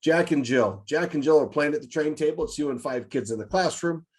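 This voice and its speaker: A man's voice: fairly high pitch, a little fast. A man hosting a directors' meeting, talking casually and acting out scenarios as he tells them. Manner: lively storyteller, acts out scenarios. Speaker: meeting host, childcare director. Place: online meeting.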